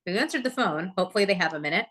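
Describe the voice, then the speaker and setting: A woman giving a live real estate training talk, chatty and lively, often asking the audience questions. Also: fairly low pitch, racing. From Oregon, USA.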